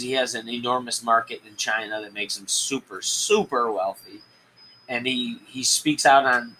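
A man hosting a solo podcast, talking in a rambling, halting way with many restarts. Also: medium pitch, pushed and bright, slight background noise, low-quality recording. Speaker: podcast host. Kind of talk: solo political commentary podcast.

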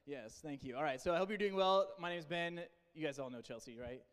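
A man's voice: on the high side, fast talker, clear, resonant tone. A young man leading a group training with a playful, teasing pep talk. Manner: playful teasing, loud and coaxing. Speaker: camp leader training teen volunteers. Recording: long reverb in a large hall.

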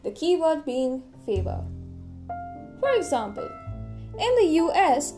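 A woman's voice: high voice, very animated, unhurried, over music. Playful young woman hosting a podcast. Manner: playful, chatty, with jokey asides. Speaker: podcast host explaining English dialects. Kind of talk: scripted educational podcast.

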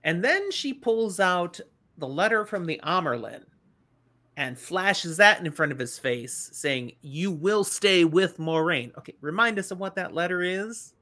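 A woman co-hosting a casual book discussion podcast, retelling the story in an animated way. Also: fairly low pitch, a little slow. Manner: animated retelling, playful voices in quotes. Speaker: podcast co-host.

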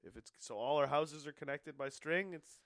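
A man, a stand-up comedian, telling stories in casual podcast chat and breaking into loud character voices. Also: a little high, moderate pace, no echo.

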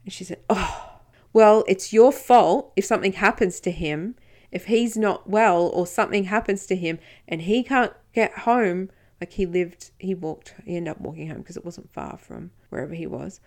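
A woman with a low, gravelly voice tells a personal story on her podcast. She acts out each exchange and slips into a hushed whisper at tense moments. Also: normal speed, hardly any pauses. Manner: recounting events, quoting others in dialogue, occasional whispering. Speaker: podcast host.

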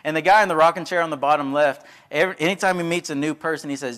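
A Texas preacher with a rapid-fire, smooth voice that sits on the high side and has a fairly bright tone delivers a sermon built on storytelling. His style is folksy and conversational, and he acts out the voices he quotes.

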